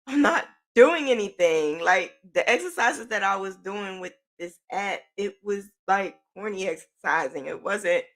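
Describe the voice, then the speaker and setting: A woman hosting a podcast, telling a personal story in a chatty, animated way with informal slang. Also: fairly low pitch. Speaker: podcast host.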